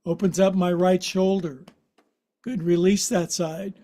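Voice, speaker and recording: Slow, high-voiced joking man in his sixties. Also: fairly even intonation, mellow. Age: 60s. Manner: playful, joking, chatty instructions. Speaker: yoga teacher. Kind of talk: guided yoga class.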